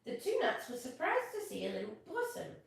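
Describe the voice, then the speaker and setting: Expressive woman reading a children's story. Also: high-pitched, a little fast, far from the mic. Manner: expressive reading, greets viewers. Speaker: storyteller host. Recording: echoey room, voice off-mic.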